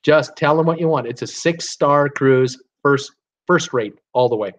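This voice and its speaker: A man's voice: on the high side, unhurried. A man from Canada hosting a casual live stream, reading viewer comments aloud and chatting with many fillers. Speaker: host reading live chat. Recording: dull lo-fi stream audio.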